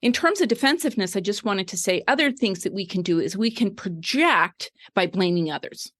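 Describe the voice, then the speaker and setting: A woman's voice: mid-range voice, expressive, brisk, fairly bright tone. A middle-aged woman guest, a wellness coach, explaining ideas in a conversational way, full of fillers and "right?" tags.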